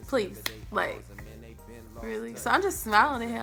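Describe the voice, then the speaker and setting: A young woman vlogger, telling a dramatic storytime in a casual, animated way. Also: on the high side, normal speed, gravelly. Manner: animated, dramatic, acts out quotes. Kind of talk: storytime vlog. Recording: faint background music.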